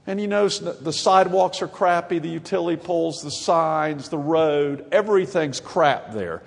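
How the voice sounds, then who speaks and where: A man's voice: fairly high pitch, moderate pace, vocal fry, few pauses. A middle-aged man with a Southern US accent, a mayor giving a folksy, joking conference speech. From grew up in Ohio and North Carolina. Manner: folksy, joking, gets louder and more emphatic. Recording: long hall reverb.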